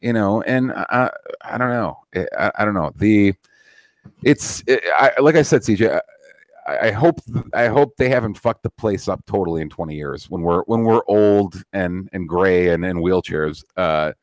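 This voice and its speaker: A man's voice: sits low, normal speed, no echo. A man in his thirties hosting a podcast, talking in a profane, rambling way with many restarts. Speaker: podcast host. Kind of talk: casual political chat.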